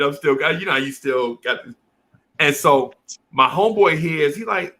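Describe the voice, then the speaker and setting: A middle-aged man with a fairly high, bright, forceful voice speaks at a moderate pace. In casual chat he shares a childhood story full of slang, acting out the teachers and kids through quoted voices.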